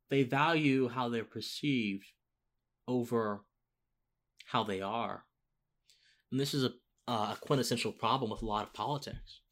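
A man hosting a casual political monologue, rambling with restarts and rising into emphatic outbursts. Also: medium pitch. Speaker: political commentary host.

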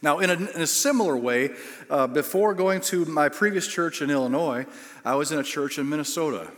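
A middle-aged male pastor delivers a sermon, telling stories against himself and voicing the people in them. His voice sits a bit high for a man. A long reverb trails his words around the large church hall. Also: a little fast, fairly bright tone. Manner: self-deprecating storytelling with acted quotes.

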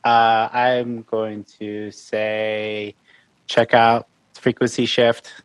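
A man's voice: on the low side, flat delivery, drawn-out words, clean tone, dry recording. A man guest on a podcast, talking about his music in a friendly, chatty way with many fillers. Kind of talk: casual interview chat.

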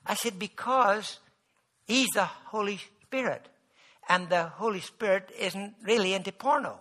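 A man preaching a sermon, moving from quiet storytelling to loud, emphatic exhortation. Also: high voice, unhurried.

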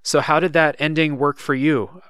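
A man talks casually about a story game he played, looping back with fillers as he thinks. His voice is smooth and resonant. The sound is dry and close, with no room around it. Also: on the high side, moderate pace, no room sound. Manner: relaxed, thinks aloud with many fillers. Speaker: podcast co-host. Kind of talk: casual chat.

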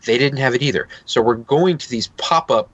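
A man's voice: mid-range voice, brisk, breathy edge, no room sound, muffled recording. A man in his thirties co-hosting a podcast, telling a long, rambling anecdote in a casual chat. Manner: rambling, animated anecdote with laughs and quoted voices. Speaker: podcast co-host.

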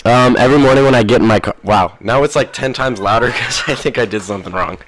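A man's voice: medium pitch, fast, a bit bright, slight background noise. A man hosting a podcast in casual rambling chat, crude and profane, jumping from one thing to the next. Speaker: podcast host.

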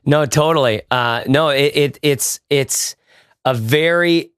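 A man co-hosting a podcast, talking casually in a halting, affirming way. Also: fairly high pitch, fairly bright tone, clean tone, no echo, clean studio sound. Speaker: podcast co-host.

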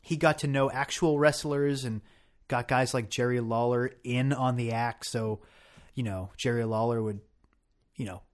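A man's voice: mid-range voice, fairly even intonation, moderate pace. A man co-hosting a casual podcast discussion, thoughtful and often restarting his sentences. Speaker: podcast co-host.

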